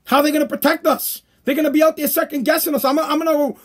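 High-pitched man ranting hard. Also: steady tone, fast talker. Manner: profane, heated, acts out quoted people. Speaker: podcast host. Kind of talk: ranting solo podcast monologue.

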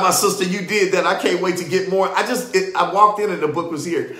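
A man hosting a live ministry broadcast and leading prayer, excitable, often repeating himself and laughing. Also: fairly high pitch, fast, few pauses, reverberant. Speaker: ministry host.

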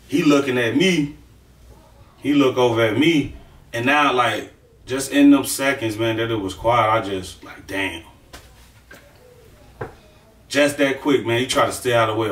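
A man's voice: mid-range voice, fairly bright tone. A middle-aged man tells a long story in a loose, rambling way, swearing freely and checking in with the listener again and again. His voice sits in an ordinary middle register. It is picked up from some distance in a room that echoes. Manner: profane, rambling, keeps saying "you know what I'm saying". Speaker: storyteller recounting prison life. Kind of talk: casual storytelling monologue. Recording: roomy sound, mic at a distance.

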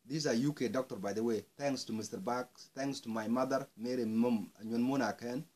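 A man's voice: mid-range voice, fairly even intonation, normal speed, a little mellow. A man from South Sudan delivering an angry, impassioned monologue, swearing and rising into outbursts. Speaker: speaker airing grievances.

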